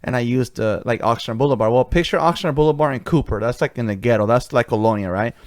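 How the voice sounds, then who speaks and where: Chatty host telling rambling anecdotes. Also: male voice, mid-range voice, fast talker, no echo. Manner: rambling anecdotes with animated quoted dialogue. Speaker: podcast host. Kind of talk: casual chat.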